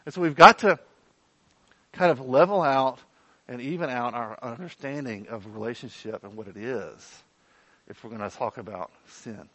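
A man preaching a sermon in an animated, conversational way with playful asides. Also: medium pitch, normal speed, no echo, muffled recording. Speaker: pastor.

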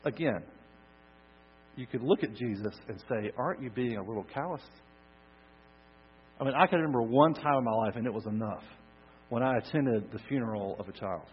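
A man preaching a sermon, swinging from loud emphasis to soft, hushed lines. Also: medium pitch, moderate pace, pauses often, husky. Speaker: pastor. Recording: dull lo-fi recording with mains hum.

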